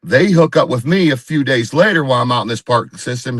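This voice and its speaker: A man's voice: mid-range voice, lively intonation, a little fast, husky, dry recording. A man, a guest on a live video call, telling a story in a rambling casual way and acting out what others said. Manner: rambling, repeats himself, acts out quoted dialogue. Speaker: guest Bigfoot researcher.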